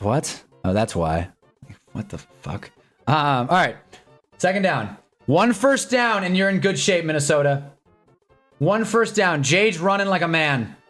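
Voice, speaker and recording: A young man hosting a casual live sports watch-along stream, reacting loudly to plays and then mumbling to himself. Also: mid-range voice. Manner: excitable, swings from mumbling to shouting at plays.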